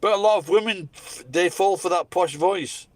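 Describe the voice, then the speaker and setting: A man's voice: high voice, moderate pace, no room sound. A Scottish man delivering a blunt, heavily profane, opinionated rant in a casual monologue. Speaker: vlogger.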